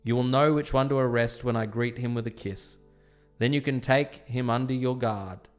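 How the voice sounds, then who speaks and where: Male scripture reader, measured storytelling delivery, faint instrumental music underneath. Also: mid-range voice, fairly even intonation. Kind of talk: dramatized scripture reading.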